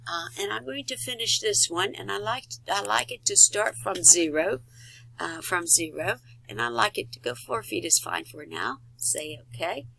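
A woman giving a step-by-step software tutorial, talking through each click with fillers and quick self-corrections. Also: medium pitch, expressive, vocal fry, low-quality recording. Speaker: instructor.

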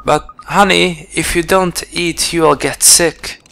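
A man reading the lines of a worried, caring wife who pleads gently. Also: fairly high pitch, steady tone, takes it slowly, vocal fry, faint music behind, pitched above the performer's own voice, heavily acted. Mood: pleading.

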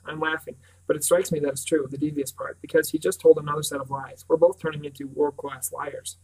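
Man, audiobook narration, steady, reflective, fairly high voice, mic set back. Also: brisk, gravelly, few pauses, breathy edge, distant mic, rough recording. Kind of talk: scripted narration.

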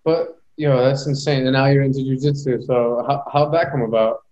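A man's voice: mid-range voice, fairly even intonation, a little fast, darkish tone, highs cut off. A man hosting a podcast, asking brief questions in casual chat. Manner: brief questions and short backchannels. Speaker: podcast host.

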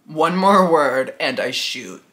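A man plays a chatbot boyfriend with a mafia streak, reading his lines in a slow, low, threatening drawl. The voice drips with menace, yet the tone stays bright and clear. It is a comedic role-play. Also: big pitch swings, exaggerated voice. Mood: menacing.

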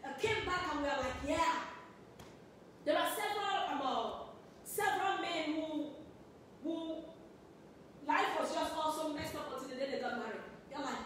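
A woman's voice: sits high, normal speed, long pauses, a bit bright. Woman preaching, gets emotional, does little voices in her stories, echoey church hall, faint hiss. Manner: emotional, acts out quoted voices. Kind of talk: sermon. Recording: very echoey hall, distant mic, faint noise.

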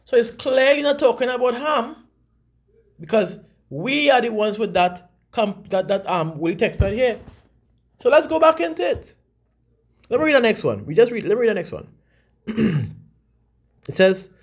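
A man giving a casual scripture lesson, talking conversationally and slowing down to read definitions aloud. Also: high voice. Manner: frequent fillers and restarts. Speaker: religious teacher.

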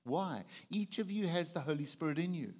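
A man's voice: fairly high pitch, animated, normal speed, darkish tone, in a large hall. A man preaching a conversational sermon as pastor, often putting questions to the congregation. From South Africa.

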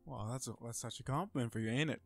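A man's voice: medium pitch, quick pace, creaky, soft background music. A man chatting casually as a co-host, dropping dry, teasing side remarks. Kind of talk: casual chat.

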